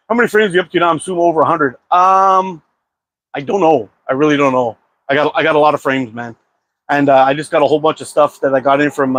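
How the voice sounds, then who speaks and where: At home, a man who runs a slingshot channel hosts a casual live-stream chat on the subject, rambling in a laid-back way with lots of "uh" fillers. His voice is a little high with a fairly bright tone.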